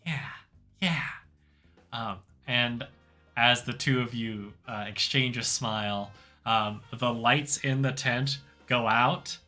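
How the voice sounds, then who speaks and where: A male game master narrating an improvised tabletop game in a loose, filler-heavy way. He talks slowly with a bright, forward tone. Faint music plays behind him. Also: medium pitch. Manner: loose, relaxed, lots of fillers.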